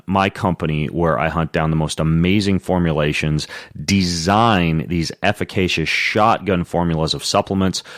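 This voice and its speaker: A man hosting a podcast, reading his intro and sponsor ads in an energetic, rapid-fire way, his speech slightly altered by new dental veneers. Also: deep voice, no echo, clean studio sound. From Washington state, US. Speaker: podcast host.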